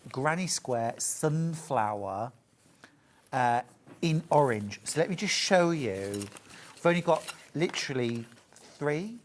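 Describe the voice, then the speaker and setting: A woman's voice: rumbling low, darkish tone. A middle-aged woman presenting crafts on a shopping channel, chatty, jokey and upbeat as she demonstrates products live.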